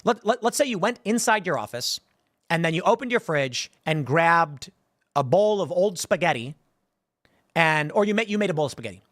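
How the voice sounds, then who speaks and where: A man's voice: fairly high pitch, expressive, moderate pace, a bit bright, no room sound, studio quality. A man in his thirties hosting a casual commentary show, rambling and repeating words as he thinks. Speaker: host.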